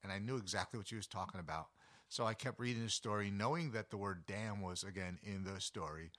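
This is a man giving an educational nature talk in a loose, storytelling way. His voice sits low but sounds bright and forceful. He chats along with plenty of casual asides. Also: a little fast. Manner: folksy and animated, with chatty asides. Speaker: wildlife educator. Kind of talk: conversational nature talk with anecdotes.

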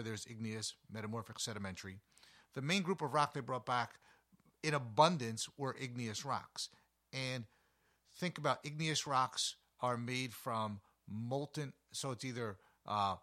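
A man with a bright, forceful voice hosts a casual science show. He talks like a playful teacher, cracking jokes, correcting himself and throwing questions at the listener. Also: medium pitch. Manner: jokey, self-correcting, lively teacher tone; asks the listener rhetorical questions. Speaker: host of an educational podcast. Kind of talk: casual educational talk.

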